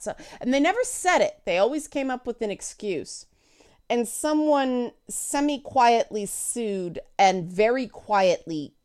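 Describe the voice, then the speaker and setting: A woman in her thirties giving blunt, opinionated commentary, emphatic and quick to swear. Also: on the low side. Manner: blunt and profane, animated and emphatic. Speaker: video commentator.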